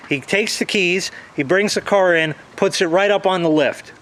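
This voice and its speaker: A man's voice: sits high, normal speed, few pauses, fairly bright tone. Swearing man ranting about a repair shop. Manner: swears freely, retells dialogue in quotes. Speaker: vlogger. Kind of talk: casual profane rant.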